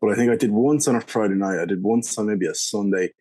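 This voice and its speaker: Rambling young Irish man, lowish voice. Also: quick pace, warm tone. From Ireland. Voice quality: rambling, full of "like" and restarts. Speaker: guest, beer reviewer. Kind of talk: casual storytelling interview.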